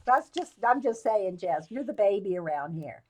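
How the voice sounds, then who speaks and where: A woman's voice: mid-range voice, animated, normal speed, a little mellow. A woman, hosting a casual live chat and telling rambling, digressive stories with lots of laughter. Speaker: live stream host.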